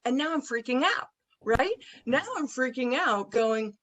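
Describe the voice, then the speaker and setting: High-voiced woman telling a lively story. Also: unhurried, poor audio. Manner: animated anecdote teller; colorful, blunt phrasing. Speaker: guest, recruiting firm president. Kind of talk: podcast interview storytelling.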